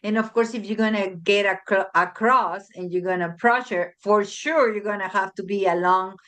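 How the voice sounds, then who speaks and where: A woman chatting casually as a guest, animated and often acting out little quoted dialogues. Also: mid-range voice, moderate pace. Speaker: guest, family member. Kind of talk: casual chat.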